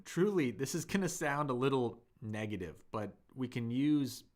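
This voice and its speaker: A man hosting a live Chinese lesson, chatty and upbeat, reading viewer comments aloud and slowing down to model tones. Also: mid-range voice, animated. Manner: reads viewer comments aloud and answers them. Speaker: Chinese teacher and livestream host. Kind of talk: live-streamed language lesson reading chat.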